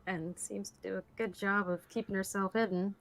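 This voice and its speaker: A woman's voice: medium pitch, fairly even intonation, a little fast, poor audio. A woman narrating her character's actions as a player in a tabletop game, hesitant and laughing. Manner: hesitant, many fillers, laughs.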